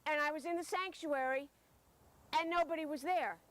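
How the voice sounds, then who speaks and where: A woman leading a holiday service in a casual, excitable and exclamatory way. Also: high voice, normal speed. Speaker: service leader.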